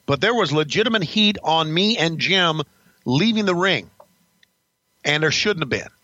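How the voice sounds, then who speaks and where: A man's voice: a little high, animated, moderate pace, bright, forceful tone, no echo, muffled recording. Blunt older man telling war stories. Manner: blunt, profane, rambling with restarts. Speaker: podcast host recalling wrestling career. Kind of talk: casual storytelling.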